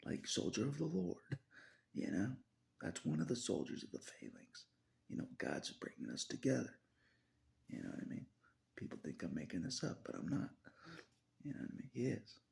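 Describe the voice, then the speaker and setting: A man's voice: lowish voice, huge pitch swings, moderate pace, vocal fry, pauses often, darkish tone. A man vlogging in a rambling religious monologue, laughing often and dropping into whispers.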